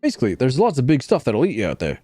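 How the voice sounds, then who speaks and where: A man voicing an excitable young male fish-person, eager and exclamatory, reading game dialogue aloud. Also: mid-range voice, racing, dry recording, faint music behind. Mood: storytelling.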